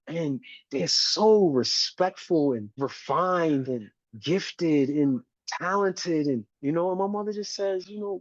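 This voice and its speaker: This man, a U.S. community educator in his 40s, talks at normal speed in a mid-range, slightly mellow and rough voice with no echo. In the interview he's emphatic and preachy, often checking in with "right?", captured on a dull, dry lo-fi recording.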